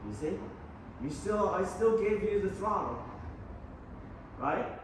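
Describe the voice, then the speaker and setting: A man's voice: high voice, lively intonation, takes it slowly, noisy background. A man teaching an aikido class, blunt and profane, pressing his students with challenging questions. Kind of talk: mat-side teaching talk. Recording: very echoey hall, voice from far off.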